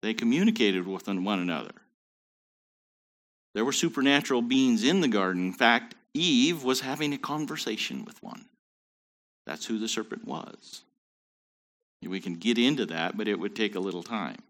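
A man's voice: fairly low pitch, lively intonation, moderate pace, pauses often, a bit bright. A man teaching a Bible study in a conversational way, with joking asides.

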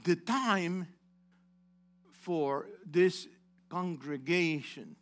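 Male pastor, sermon delivery, fairly high voice, addresses the flock by name. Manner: rising to loud impassioned exhortation, then dropping low; addresses congregation members by name.

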